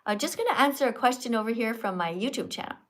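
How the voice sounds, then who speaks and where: Woman, from Canada, live stream host, slightly high voice, chatty, teacherly. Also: fast talker. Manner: chatty, animated, teacherly quizzing. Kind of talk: casual live stream chat with viewers.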